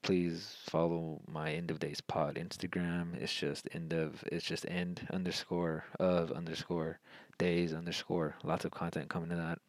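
A man's voice: sits low, flat delivery, moderate pace, hardly any pauses, no room sound, low-quality recording. A man hosting his own podcast, talking alone in a rambling way with frequent restarts. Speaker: podcast host. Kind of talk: solo political podcast monologue.

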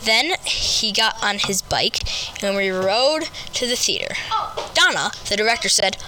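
A woman reading a first-person story aloud with lively storybook delivery, putting on voices for each character. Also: medium pitch, unhurried, background noise.

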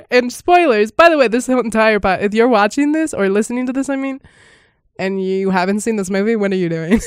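A woman's voice: a little high, smooth, no echo, studio quality. A woman hosting a casual podcast, reacting to a film in a chatty, giggly way, often laughing and exclaiming in surprise. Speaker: podcast host.

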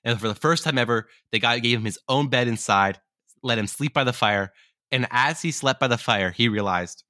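Brief: storytelling podcast co-host, bright and crisp, dry close sound. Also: male voice, mid-range voice, normal speed, no room sound. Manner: rambling, self-correcting. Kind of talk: casual storytelling.

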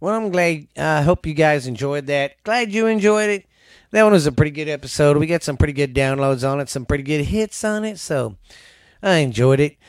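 A man's voice: fairly high pitch, expressive, a little fast, clean tone, no echo, studio quality. A man chatting casually and easily as a podcast host.

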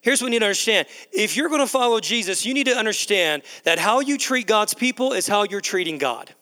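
A man delivers a sermon in a high, bright voice. He stacks emphatic, repeated phrases and talks straight to the crowd. A long reverb from the big hall trails behind every sentence. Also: animated, brisk. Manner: repetitive emphatic preaching, addresses crowd as guys. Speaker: pastor. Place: large church hall. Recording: long echo of a large hall.

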